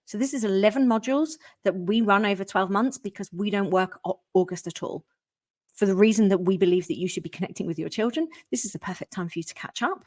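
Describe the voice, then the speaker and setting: Lady coach doing a gushy sales pitch, big excited bursts, dry close sound. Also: fast, dry recording. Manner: enthusiastic and effusive, emphatic bursts. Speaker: parenting coach.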